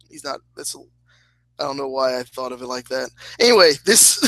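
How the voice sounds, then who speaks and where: A man narrating as game master of a tabletop game, speaking slowly with hesitant fillers and laughing at his own slips. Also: fairly high pitch, lively intonation, creaky, bright, forceful tone, dry recording, rough recording. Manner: slow, hesitant, laughs at himself.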